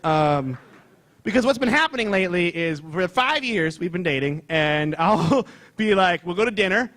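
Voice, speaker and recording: A man doing a loud, excitable, self-mocking stand-up comedy set on stage before a live audience. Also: sits high, moderate pace.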